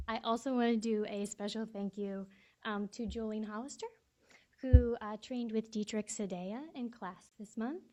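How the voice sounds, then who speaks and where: A woman's voice: a little high, fairly even intonation, measured pace, pauses often. A woman supervising a guide dog class, giving a graduation speech full of thank-yous and getting a little teary. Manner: warm, emotional thank-yous, slightly teary. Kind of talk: ceremony speech. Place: event room.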